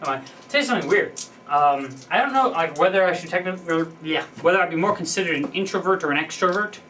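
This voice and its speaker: A man's voice: on the high side, lively intonation, fast talker, bright, forceful tone. A young man muses to the camera, wandering through his thoughts with lots of ums and false starts. His voice sits a little back from the microphone, with a faint hiss of background noise behind it. The delivery is casual and unscripted. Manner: rambling, thinking aloud with many fillers and restarts. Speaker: vlogger. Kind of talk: unscripted personal monologue. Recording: voice a bit distant from the mic, faint background noise.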